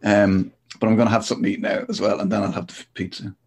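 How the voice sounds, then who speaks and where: A man hosting a casual podcast chat, chatty and quick to laugh. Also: lowish voice, little pitch movement. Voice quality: gravelly, husky voice. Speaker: podcast host.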